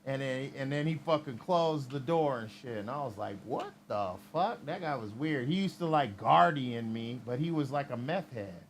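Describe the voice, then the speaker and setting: A man's voice: mid-range voice, moderate pace, hardly any pauses, a little hiss or hum. A man hosting a livestream, telling a rambling, heavily profane story in casual chat. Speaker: livestream host.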